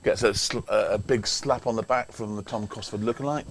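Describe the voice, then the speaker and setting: A man's voice: lowish voice, fairly even intonation, brisk, vocal fry. Older man doing easygoing cricket commentary. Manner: chatty, rambling anecdotes, chuckling. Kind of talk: casual match commentary. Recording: faint background noise.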